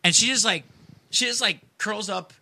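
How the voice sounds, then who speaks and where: A man's voice: sits high, moderate pace, vocal fry, sharp tone. A man telling a casual, rambling story, swearing freely and packing his speech with fillers. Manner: profane, rambling, heavy on fillers.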